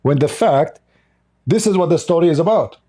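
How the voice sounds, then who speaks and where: A man's voice: on the high side, animated, moderate pace, warm tone, husky. A man hosting a livestream, talking in a mocking, sarcastic way in non-native English. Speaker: livestream host. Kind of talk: livestream polemic commentary.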